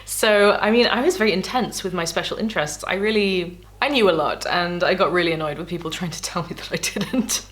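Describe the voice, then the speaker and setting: Reading her old diaries aloud, a YouTuber vlogs casually, candid and self-mocking and laughing often. Her voice is lowish and fairly bright, and she speaks briskly with few pauses.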